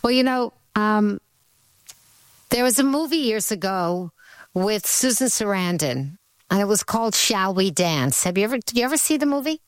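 A chatty woman hosting a radio talk show, her voice at a middle pitch and close on a dry studio mic. She talks in a loose, conversational way, full of quick asides. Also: lively intonation, no room sound.

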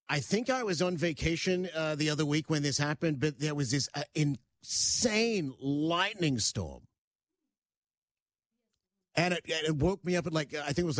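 A man's voice: medium pitch, no room sound. A man hosting a talk show, rambling and opinionated in casual chat, with many fillers. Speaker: host.

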